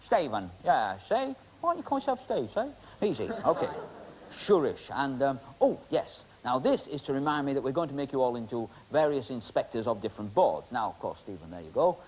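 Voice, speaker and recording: Joking stage magician, lively pitch. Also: male voice, fairly quick, slight background noise, poor audio. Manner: joking, rambling, teasing, full of ums. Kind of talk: comic stage patter with volunteers.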